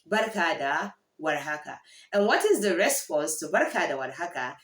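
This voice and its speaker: Woman teaching slowly in echoey room. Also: medium pitch, sing-song. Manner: slow, repeated model phrases for learners. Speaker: language teacher. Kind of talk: spoken language lesson.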